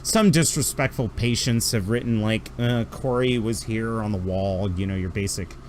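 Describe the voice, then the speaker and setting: A man's voice: on the low side, normal speed, slight background noise. A man narrating a tabletop game as game master, rambling through descriptions with fillers.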